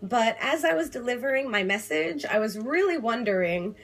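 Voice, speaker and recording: A young woman talking casually to camera as an activist vlogger, quick and passionate with playful asides. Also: on the high side. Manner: fast, animated, playful asides. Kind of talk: casual direct-to-camera vlog. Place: home room, on hold on a phone call.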